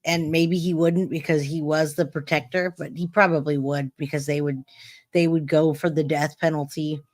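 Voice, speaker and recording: A man's voice: fairly high pitch, level tone, moderate pace, no echo, clean studio sound. A man hosting a live stream, giving casual true-crime commentary and talking straight to his chat with lots of restarts. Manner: chatty, addresses chat directly, many restarts.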